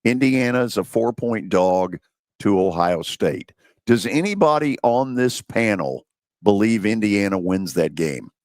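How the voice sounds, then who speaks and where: A man's voice: fairly low pitch, unhurried, no room sound, clean studio sound. A man hosting a sports radio show, teasing his panel and running the banter. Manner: animated, teasing, drives the banter. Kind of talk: casual sports talk.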